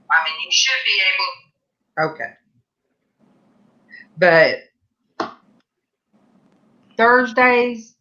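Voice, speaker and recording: A woman hosting a live stream, chatting casually with viewers in a slow, rambling way. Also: lowish voice, fairly bright tone. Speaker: livestream host. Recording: muffled lo-fi audio.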